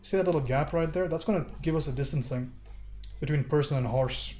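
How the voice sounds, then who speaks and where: A man's voice: on the high side, brisk, warm tone, faint music behind. A man streaming a casual digital painting lesson, joking with his viewers as he works. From United States. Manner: casual, joking, talks to chat while painting. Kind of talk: live-stream painting tutorial, chatting with viewers.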